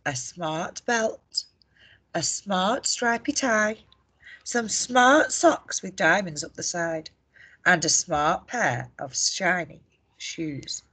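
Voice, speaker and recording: A woman teacher reading a picture book aloud to children, expressive and asking them questions. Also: fairly low pitch, slow, slightly rough. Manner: expressive, asks the listeners questions. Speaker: primary school teacher. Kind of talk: storybook read-aloud for children.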